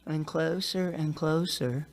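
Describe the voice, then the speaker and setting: Animated, jokey male preacher. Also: fairly high pitch, slow pace, vocal fry. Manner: animated, jokey storytelling with asides. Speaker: pastor. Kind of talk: sermon.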